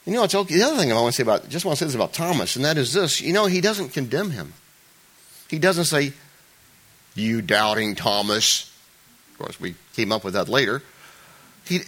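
A male pastor giving a relaxed, conversational sermon, his pitch swinging widely from low asides up to bright, emphatic peaks. He talks informally to the congregation, tosses in joking remarks, and often restarts his sentences as he goes. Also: slightly rough.

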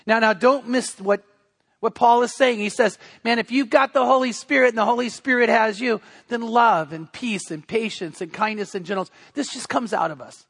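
High-voiced man preaching earnestly. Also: normal speed, gravelly, a bit bright, slightly rough. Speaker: pastor. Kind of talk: sermon.

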